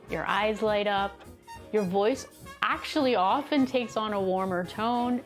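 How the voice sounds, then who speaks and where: A woman's voice: mid-range voice, fairly bright tone. A woman coaching video creators in a casual, conversational talk to camera, laughing easily as she explains. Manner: conversational, laughs easily, gestures while talking. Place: seated indoors, filming herself.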